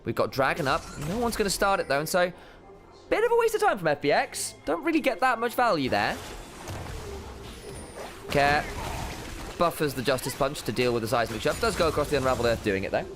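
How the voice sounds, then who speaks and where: A man casting a pro game with quick play-by-play calls and silly, rambling asides. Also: on the high side, very animated. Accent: English. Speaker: esports caster. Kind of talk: play-by-play esports commentary. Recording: music bed under the voice.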